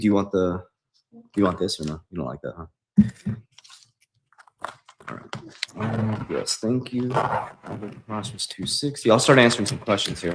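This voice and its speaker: A man's voice: on the low side, background noise. A man as a financial coach on a livestream, emphatic and preachy, repeating his points. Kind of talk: livestream talk.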